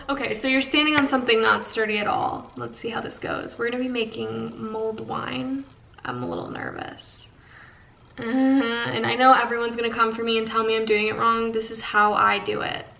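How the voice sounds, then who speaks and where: A woman's voice: a little high, creaky. A young woman vlogging casually at home, chatty and playful as she shows things to the camera. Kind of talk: casual vlog chat. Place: home, indoors.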